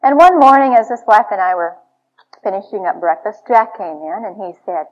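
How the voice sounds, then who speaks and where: A woman's voice: mid-range voice, animated, moderate pace. A woman speaking to an audience about marriage in an earnest, confessional storytelling manner. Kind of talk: teaching talk to an audience. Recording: dull lo-fi recording.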